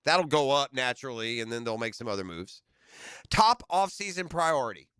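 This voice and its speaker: A man's voice: mid-range voice, expressive, normal speed, a bit bright, clean tone, no room sound. A man hosting a sports radio show, conversational and reading notes aloud in a radio studio.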